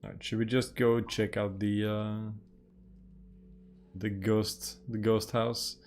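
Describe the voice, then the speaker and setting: A man's voice: fairly low pitch, level tone, slow pace, a little mellow, faint music behind. A young man playing in a tabletop game, chatting and joking with friends. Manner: joking, chuckling. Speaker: player. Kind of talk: casual chat.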